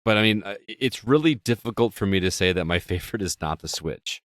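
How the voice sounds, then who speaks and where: Deep-voiced man hosting a gaming chat. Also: quick pace, no room sound, studio quality. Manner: relaxed, nostalgic, steers the talk. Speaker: podcast host. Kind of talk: casual chat.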